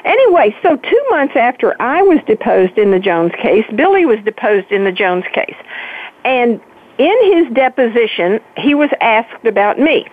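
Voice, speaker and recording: A woman's voice: a little high, normal speed. Older woman storytelling over a tinny phone line. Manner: animated storyteller, emphatic. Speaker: guest author. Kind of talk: phone-in interview. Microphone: telephone.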